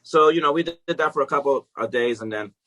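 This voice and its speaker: A middle-aged music educator appears as a guest in a casual interview, telling stories in an animated, profane way and laughing often. His voice is mid-range and fairly quick.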